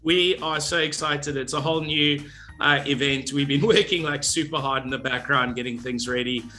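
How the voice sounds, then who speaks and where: Bright-voiced goofy male co-host. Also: medium pitch, normal speed. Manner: goofy, jokey, animated. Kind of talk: playful business show chat. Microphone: video call.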